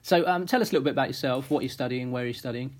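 A man's voice: mid-range voice, very fast. A male host running a casual interview, friendly and teasing, with lots of fillers. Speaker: podcast host.

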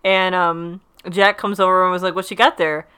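A young woman chats through an episode recap, rambling and filling her sentences with "like." Her voice is bright and crisp. She sits a little low in pitch for a woman. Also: little pitch movement, moderate pace. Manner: rambling, many "like"s, acts out quotes. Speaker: podcast co-host. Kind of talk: casual recap chat.

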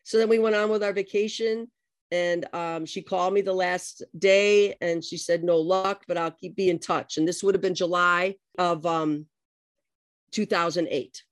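A middle-aged woman telling her own story in conversation, lively and animated, acting out the quotes. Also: lowish voice, moderate pace, no echo.

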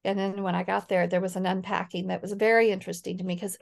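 A middle-aged woman speaking as a guest in a conversational interview, earnest and animated when she quotes others. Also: mid-range voice, quick pace, gravelly. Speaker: guest, healing coach.

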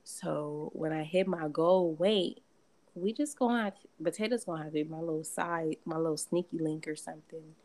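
A woman's voice: low-pitched, steady tone, moderate pace, darkish tone. A woman co-hosting a podcast, chatting casually, laughing often and swearing freely. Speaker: podcast co-host. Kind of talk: casual chat.

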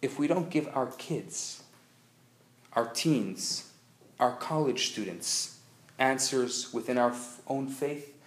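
A man speaking as a rabbi, giving a live lecture and telling jokes with lively storytelling. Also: mid-range voice, takes it slowly. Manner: animated joke-telling storyteller. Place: community center lecture hall. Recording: echoey hall, faint noise.

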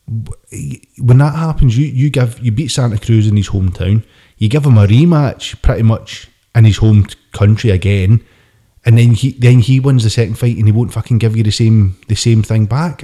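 A man's voice: mid-range voice, dark tone. A man co-hosting a podcast, chatting and ranting about boxing with lots of swearing. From United Kingdom. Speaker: podcast co-host. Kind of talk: casual boxing chat.

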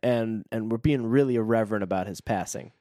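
Man reading a book aloud on a podcast, animated, laughing a lot, very dry close mic. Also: fairly low pitch, fairly quick, no echo. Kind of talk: casual chat and read-aloud.

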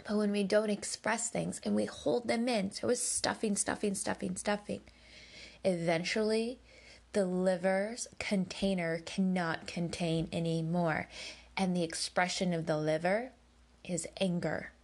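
A woman's voice: lowish voice, steady tone, gravelly, darkish tone. A woman hosting a podcast, telling a personal story in an emphatic, candid way, swearing when heated. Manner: slow and deliberate. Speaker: podcast host.

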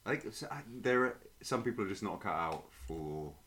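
A woman's voice: extremely low pitch, animated, normal speed, fairly bright tone. A woman in casual chat with friends, chiming in and teasing.

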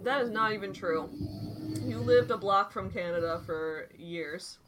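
A woman in her twenties hosting a casual chat and reading articles aloud, animated and chatty, full of "like" and "dude". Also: medium pitch, unhurried, background noise.

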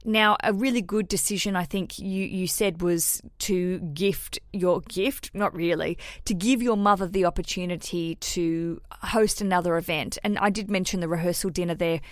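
A woman's voice: fairly low pitch, moderate pace, few pauses, dry recording, clean studio sound. A woman hosting a podcast and giving casual, frank wedding advice, swearing freely and putting on voices to quote people. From Australia. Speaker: podcast host answering listener questions.

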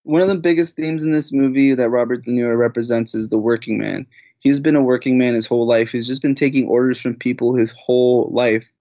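A man co-hosting a casual film discussion podcast, speaking in a measured, thoughtful way. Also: mid-range voice, fairly even intonation, warm tone, no room sound. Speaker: podcast co-host. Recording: dry, slightly dull audio.

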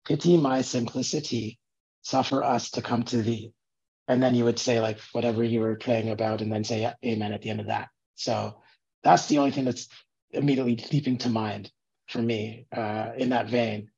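A man, a guest musician, recalling his upbringing in casual podcast chat with relaxed, thoughtful pauses. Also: on the low side, creaky, husky, highs cut off. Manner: relaxed, thoughtful recollection with fillers.

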